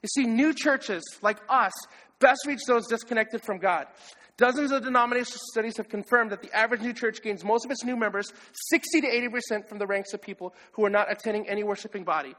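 A man preaching a sermon as pastor, animated and acting out the voices of others. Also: sits high, fast talker. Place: church hall. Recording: long hall reverb.

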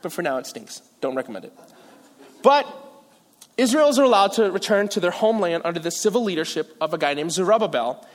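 A man's voice: high-pitched, very animated, brisk. A male pastor preaching a sermon in a casual, joking way, with self-deprecating asides. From Philippines. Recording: long reverb of a large hall.

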